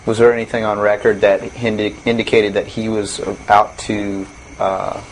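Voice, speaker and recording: Man, interviewer, lowish voice, halting questions, faint hiss. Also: little pitch movement, rough recording. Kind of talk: recorded interview.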